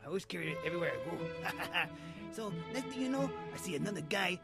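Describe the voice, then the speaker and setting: A man's voice: high-pitched, expressive, quick pace, creaky, pitched below the performer's own voice. A man putting on a swaggering streetwise ex-con. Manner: swaggering, crude bragging with slang. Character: boastful streetwise male ex-con turned rich. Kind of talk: comedy character monologue. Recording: loud music bed behind voice.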